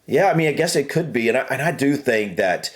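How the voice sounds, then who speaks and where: A man's voice: mid-range voice, lively intonation, fast talker. An American man co-hosting a reaction video, talking casually and musing aloud with restarts and fillers. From United States. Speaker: reaction channel co-host.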